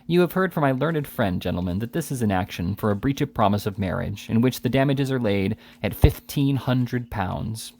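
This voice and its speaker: A man's voice: mid-range voice, lively intonation, moderate pace, vocal fry, few pauses, darkish tone. A man voicing a pompous, theatrical male trial barrister who speaks in grandiose, declamatory courtroom oratory.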